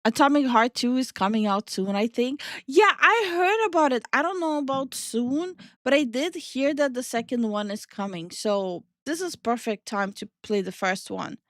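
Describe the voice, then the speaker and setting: A young woman hosts a live stream in a playful, chatty way, laughing often and swearing offhandedly as she answers chat. Her voice sits a little on the high side. The recording is close and dry, with no room sound. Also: expressive, normal speed, few pauses, a bit bright, no room sound. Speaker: streamer and VTuber host. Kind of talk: casual live-stream chat, reading chat aloud.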